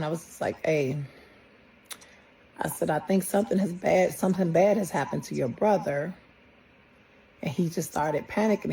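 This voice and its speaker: A middle-aged woman, a mother slowly retelling a personal story and quoting the people involved. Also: low voice, vocal fry, warm tone, a little hiss or hum, low-quality recording. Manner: plain, halting retelling with quoted dialogue. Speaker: grieving mother.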